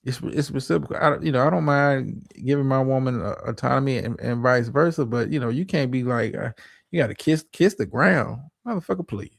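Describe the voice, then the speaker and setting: A man's voice: mid-range voice, fairly quick, vocal fry, no room sound, clean studio sound. A man hosting a livestream, reacting to a clip with profane, stammering, preachy relationship advice. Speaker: streamer host.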